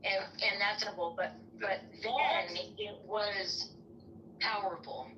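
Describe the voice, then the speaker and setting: A woman's voice: medium pitch, fairly even intonation, slow pace, sharp tone, far from the mic, dull audio, slight background noise. A woman explaining her side in a panel debate, checking in with "right?" as she builds her argument.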